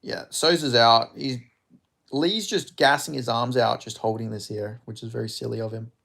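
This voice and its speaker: A man hosting a live fight watch-along, giving casual, profane commentary with sudden excited outbursts. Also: mid-range voice, moderate pace, gravelly. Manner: excitable, swearing, bursts into loud reactions.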